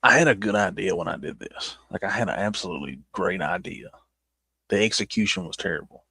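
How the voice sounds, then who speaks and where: Southern male vlogger, rambling and self-mocking, low husky voice, dry close mic. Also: brisk, sharp tone, no echo. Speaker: YouTuber reviewing his old videos. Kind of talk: casual chat.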